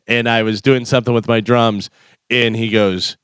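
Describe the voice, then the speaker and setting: A man co-hosting a radio show, an animated storyteller who laughs often during casual studio banter. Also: mid-range voice, normal speed, clean tone.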